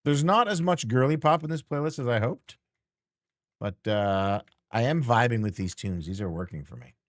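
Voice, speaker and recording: A man's voice: medium pitch, animated, moderate pace, no room sound, clean studio sound. A man streamer chatting casually and teasingly with his chat while playing a game, rambling and joking.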